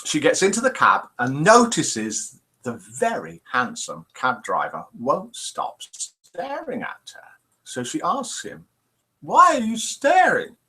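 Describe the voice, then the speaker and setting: A man's voice: mid-range voice, wildly swooping pitch, takes it slowly, sharp tone. A man hosting a live morning chat show, chatting playfully and reading out jokes and viewer scores. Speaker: host.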